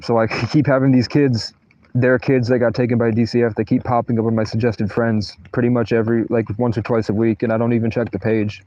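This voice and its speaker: A man with a medium-pitched, mellow voice talks a little fast in a level tone, and the recording sounds muffled. He's livestreaming from a tent in a thunderstorm, rambling profanely through personal stories and trailing off before finishing sentences.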